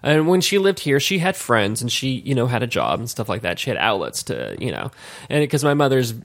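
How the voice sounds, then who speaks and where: A man's voice: medium pitch, sing-song, fairly quick, gravelly, fairly bright tone. A man co-hosting a casual podcast chat, rambling with many restarts and laughing easily. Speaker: podcast co-host.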